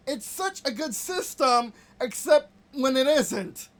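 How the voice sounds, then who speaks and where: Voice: medium pitch, animated, unhurried, hardly any pauses. Exasperated gamer ranting at the screen. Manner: frustrated, yelling complaints at the game; talks to the screen in short, repeated outbursts. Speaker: gameplay video host. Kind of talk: live gameplay commentary.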